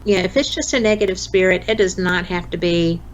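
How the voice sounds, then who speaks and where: A woman guest on a podcast, telling her story in an earnest, measured way. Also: on the low side, lo-fi sound. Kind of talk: casual interview chat. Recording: faint background noise.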